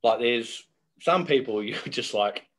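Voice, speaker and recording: A man's voice: mid-range voice, expressive, a little slow. A middle-aged man, a guest telling chatty, laughing anecdotes in a casual interview.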